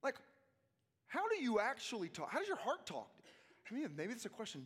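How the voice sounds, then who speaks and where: A man preaches with restless energy, his slightly high voice dropping to hushed asides and then jumping up in excited bursts as he acts out scenes. His voice rings out with a long hall reverb around it. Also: brisk, husky. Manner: animated, swings between hushed and loud, acts out quotes. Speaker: youth conference speaker. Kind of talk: energetic sermon.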